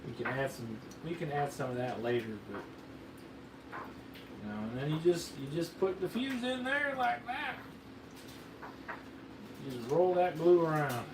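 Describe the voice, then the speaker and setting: High-voiced man in a put-on Southern drawl. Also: sing-song, a little slow, long pauses. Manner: folksy, joking, rambling. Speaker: fireworks video host. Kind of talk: casual hands-on demonstration. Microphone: camera mic, filmed by a camera operator. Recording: roomy, distant camera audio with faint noise.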